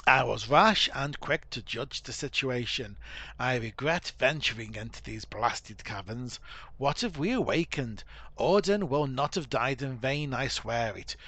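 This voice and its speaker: A man reading aloud the formal lines of a stern male warrior leader who mourns a fallen comrade, with lively pitch. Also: unhurried, no echo, full character voice. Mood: solemn. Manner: solemn, formal reading of quest dialogue. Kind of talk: reading game dialogue aloud.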